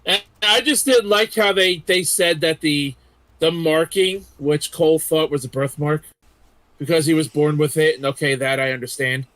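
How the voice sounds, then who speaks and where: A man's voice: fairly high pitch, normal speed, fairly bright tone. A man hosting a casual group chat, swearing freely and retelling scenes with animation. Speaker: podcast host.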